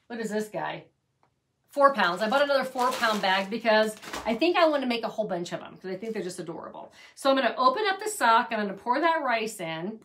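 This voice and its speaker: Gushing high-voiced woman craft host. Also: fairly bright tone, a little hiss or hum. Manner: gushing, chatty, doting on her crafts. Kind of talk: casual craft tutorial.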